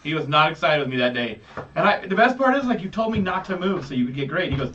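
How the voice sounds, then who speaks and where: A man casually telling crude, animated work stories to friends, acting out the people in them, recorded from a distance in dull lo-fi sound. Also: fairly high pitch, racing. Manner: crude, animated storytelling full of quoted voices. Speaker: construction worker telling stories.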